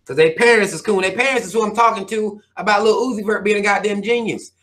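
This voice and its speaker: A man's voice: sits high, quick pace, fairly bright tone. A man hosting his own channel, reading viewer comments and ranting in a heated, profane, preachy way. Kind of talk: casual rant to viewers.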